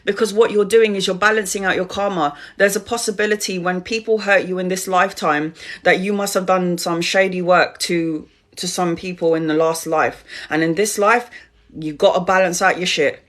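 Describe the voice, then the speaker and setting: A woman's voice: fairly low pitch, steady tone, moderate pace. A middle-aged woman, a tarot reader, giving a spiritual talk on a live stream, speaking straight to her viewers with emphatic repetition.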